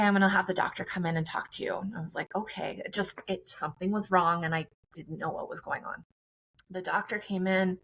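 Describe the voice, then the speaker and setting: A woman's voice: fairly low pitch, sharp tone, breathy edge, rough recording. A woman guest on a podcast, a friendly and chatty mother telling her own story in conversation.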